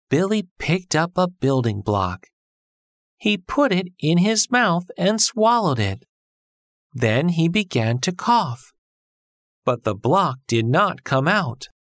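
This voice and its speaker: Slow, lilting storybook narrator, a man. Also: medium pitch, no room sound, studio quality. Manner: slow, clear, storybook reading. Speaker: textbook audio narrator. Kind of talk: scripted story reading for English learners.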